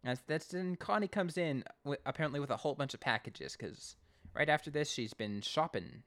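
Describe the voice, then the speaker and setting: Lively Canadian podcast co-host. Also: male voice, fairly high pitch, brisk. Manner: lively retelling, acting out lines in raised voices. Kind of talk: casual podcast recap.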